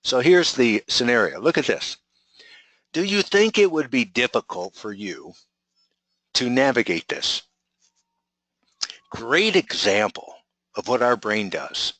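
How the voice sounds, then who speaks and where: A man's voice: medium pitch, very animated, slow pace, pauses often, a bit bright, no echo, poor audio. A man coaching a group in a webinar, talking energetically and firing rhetorical questions at his audience.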